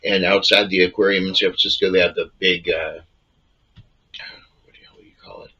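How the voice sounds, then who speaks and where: A man's voice: deep voice, flat delivery, a little fast, sharp tone, breathy edge, muffled recording. A man in casual comedic podcast chat, given to blunt, profane rants.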